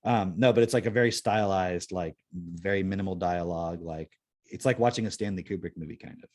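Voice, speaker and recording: A man's voice: sits low, a little fast, darkish tone. A man hosting a podcast in casual chat, rambling and laid-back, with lots of "like" and free swearing. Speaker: podcast host.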